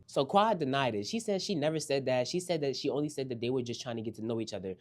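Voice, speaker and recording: A man hosting a casual reality TV recap, animated and slangy, talking straight to his viewers. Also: medium pitch, fast talker, few pauses.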